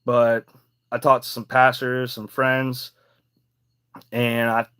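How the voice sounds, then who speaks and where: A man's voice: medium pitch, completely flat delivery, slow pace, bright, forceful tone, clear, resonant tone. Young guy on his podcast telling a story, rambly and emphatic, cusses a bunch. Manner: rambling and emphatic, with casual swearing. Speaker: podcast host. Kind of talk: casual personal storytelling.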